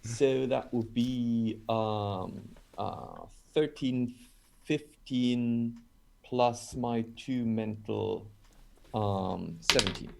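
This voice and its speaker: Brief: male player, gravelly, unhurried counting, faint background noise. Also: mid-range voice. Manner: slow, adding up dice.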